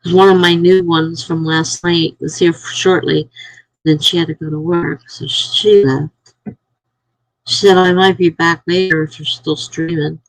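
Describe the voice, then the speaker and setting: A woman's voice: lowish voice, fairly even intonation, measured pace, dry recording, rough recording. A woman chatting casually on a live stream, telling a rambling story to her viewers and sounding tired.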